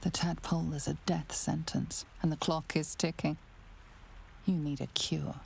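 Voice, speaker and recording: Game narrator, ominous, omniscient, measured, stresses syllables, very low, deeply gravelly. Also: female voice, steady tone, darkish tone, a little hiss or hum, exaggerated voice. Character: grave omniscient female storyteller, calm and ominous. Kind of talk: scripted second-person game narration.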